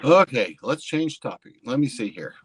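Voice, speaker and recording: A man's voice: medium pitch, big pitch swings, normal speed, fairly bright tone, breathy edge. A man chatting as a guest on a stream, telling a joke with a wry setup. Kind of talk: casual chat, joke telling.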